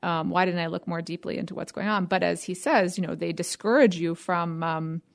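A woman's voice: lowish voice, fairly even intonation, vocal fry. A woman on a discussion panel talking about a book, using "you know" and "um" often. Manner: quick, with "you know" and "um" fillers. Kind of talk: casual discussion.

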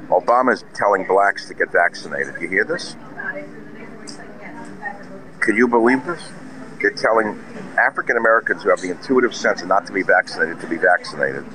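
A man in a restaurant delivering a scornful, combative monologue. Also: low voice. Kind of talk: ranting monologue. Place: busy restaurant, indoors. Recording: noisy restaurant crowd chatter. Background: restaurant crowd chatter.

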